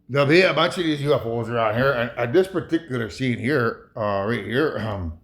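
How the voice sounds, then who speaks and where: A man's voice: medium pitch, expressive, normal speed. A man from Ontario, Canada, giving rambling, heated commentary over a video, swearing often and restarting his sentences. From Ontario, Canada (Saugeen First Nation). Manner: heated, profane, emphatic with many restarts.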